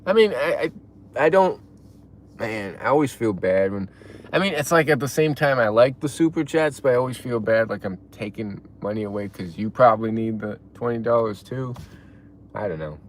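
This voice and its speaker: A man live-streaming and chatting casually, reading out chat messages in a laid-back way and reacting loudly to donations. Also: mid-range voice, animated, normal speed, slight background noise.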